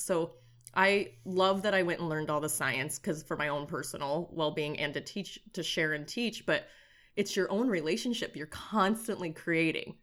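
A middle-aged woman, a clinical nutritionist, talking in a lively, chatty way and acting out her own past thoughts. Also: low voice. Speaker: nutritionist guest. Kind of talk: casual conversation.

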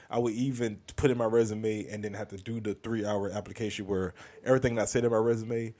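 A man's voice: on the low side, darkish tone. A man hosting his podcast, rambling through a joking catch-up and acting out other people's voices. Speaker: podcast host and comedian. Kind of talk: casual monologue.

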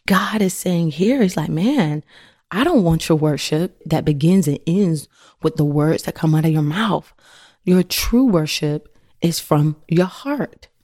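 A middle-aged woman hosts a faith podcast in an earnest, conversational way, sprinkling her talk with "you know." Her voice sits low and sounds mellow. The recording is dry and close. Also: no echo. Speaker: podcast host.

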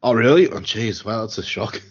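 A man's voice: fairly low pitch, normal speed, slightly rough, muffled recording. A man hosting a casual podcast interview over a call, reacting in short bursts and laughing easily. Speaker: podcast host.

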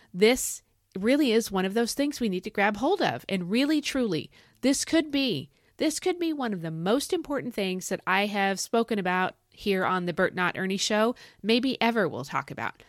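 Woman host, Bible teaching, animated, folksy, dry close sound. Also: medium pitch, no room sound. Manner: animated, folksy, emphatic with y'all. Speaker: podcast host.

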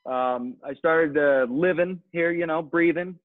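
A man's voice: a little high, unhurried, dry recording. A man from Wyoming, a comedian guest, chatting casually and joking on a video call. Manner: joking, slips into put-on voices. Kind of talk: casual chat. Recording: tinny phone-like line.

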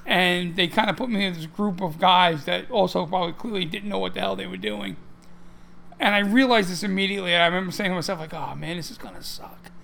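Gravelly high-voiced man chatting on a podcast. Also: fast, sharp tone. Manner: rambling, frequent restarts and fillers. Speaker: podcast co-host. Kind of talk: casual podcast chat.

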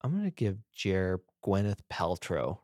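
A man co-hosting a casual podcast, chatting in a jokey, animated way. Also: sits low, a little slow, no room sound, studio quality. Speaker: podcast co-host. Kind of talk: casual chat.

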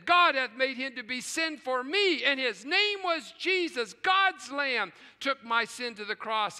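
Man, pastor, sermon, high pitch, sharp tone, long church reverb. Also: clean tone. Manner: preaching with dramatic swings from hushed to shouting. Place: large church sanctuary with choir and orchestra. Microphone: live stream.

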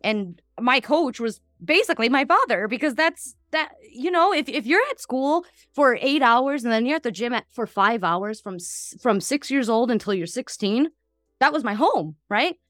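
In a studio-quality recording with no echo, a woman in her thirties who works as a gut health practitioner chats on her podcast in a fairly high voice. She's lively and quick, scattering fillers and side comments throughout the casual talk.

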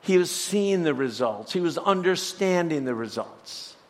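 Man, pastor, sermon, high-pitched, slow delivery, emphatic rhetorical questions, church hall reverb. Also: animated.

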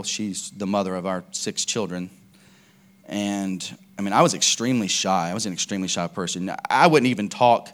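A man's voice: lowish voice, fairly bright tone. A man preaching a casual, conversational sermon, telling stories with lots of fillers and restarts.

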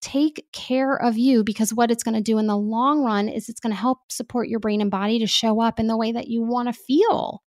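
A woman speaking as a parenting expert guest in casual podcast talk, animated and chatty with lots of fillers. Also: a little high, a little fast, hardly any pauses, dry recording, studio quality.

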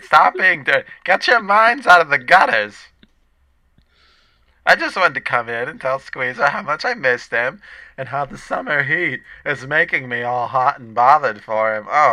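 A man's voice: mid-range voice, bright, forceful tone, dry recording. A man putting on a campy flirty lunch lady.

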